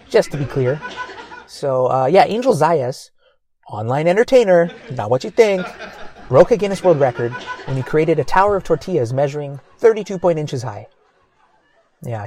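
A man's voice: a little high, a little mellow. A man hosting a comedy show, delivering a loose comic news monologue with chuckles and crude asides.

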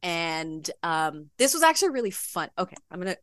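A woman guest on a podcast, telling an animated story with frequent laughter in a casual chat. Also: fairly low pitch, a little fast, dry recording, studio quality. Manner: giggly, animated, laughs often. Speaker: podcast guest, bodybuilding pro.

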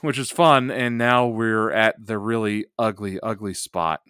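A man co-hosting a podcast, chatting casually and excitedly about a wrestling match, with lots of fillers and restarts. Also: lowish voice, a little slow, clean tone, dry recording, clean studio sound. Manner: animated, rambling with many fillers. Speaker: podcast co-host.

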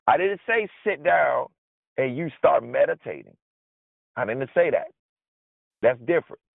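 A man preaching a conversational sermon, informal and animated, acting out his frustration in asides. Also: on the high side, vocal fry, no room sound. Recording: dry, tinny phone-like sound.

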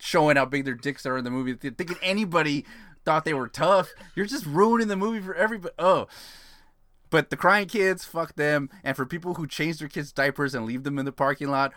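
A swearing, ranting podcast co-host, his voice a notch higher than most men's and bright in tone. It sounds close and dry, with no room around it. He talks in loose casual chat and keeps piling on complaints. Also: no room sound. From San Antonio, Texas. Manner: ranting, swearing, laughing between jokes. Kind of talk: casual profane movie chat.

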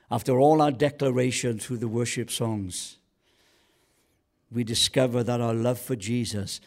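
A man's voice: mid-range voice, darkish tone. A man preaching a sermon as a guest pastor, colloquial and joking, building to passionate calls to the congregation.

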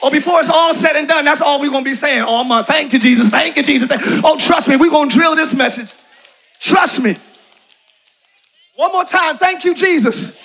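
A man preaching a live sermon in a church, shouting his points and calling on the congregation to answer. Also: very high voice, moderate pace. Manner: preaching with shouted emphasis and call-and-response to the congregation. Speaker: pastor. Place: church sanctuary.

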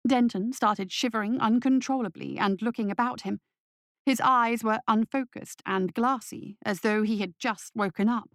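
A woman narrating a dark story in a steady, measured audiobook reading. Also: on the high side, no room sound, clean studio sound. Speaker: audiobook reader.

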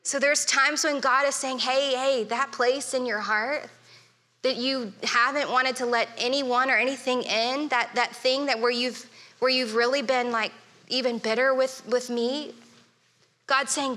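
A woman preaches a heartfelt sermon in a casual, conversational tone. Her voice sits a bit high and sounds crisp and bright. Soft music plays under her in a hall with long reverb. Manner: earnest, conversational preaching with fillers. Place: church hall.

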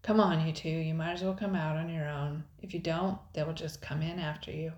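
A woman's voice: sits low, steady tone, brisk, a little mellow, lo-fi sound, close to an everyday voice. A woman reading a storybook aloud, voicing a friendly young boy who explains matter-of-factly. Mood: resigned. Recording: roomy echo.

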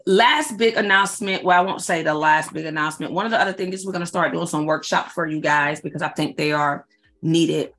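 A woman in her forties, a faith-based life coach, chatting casually and excitedly to her followers, repeating herself for emphasis and calling them y'all. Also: deep voice, a little fast, faint music behind. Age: 40s. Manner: slangy, addresses audience as y'all. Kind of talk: casual announcement chat to followers.

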